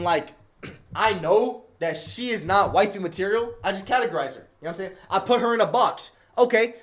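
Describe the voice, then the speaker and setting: Young man, livestreamer, high-pitched, slangy, animated casual advice. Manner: slangy, animated, storytelling with asides. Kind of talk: casual advice talk to chat.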